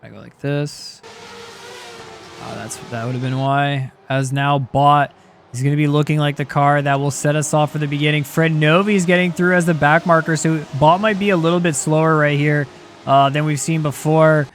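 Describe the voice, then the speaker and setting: A young man commentating a sim racing league race live, excitable and quick to shout at close battles. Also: a little high, a little hiss or hum.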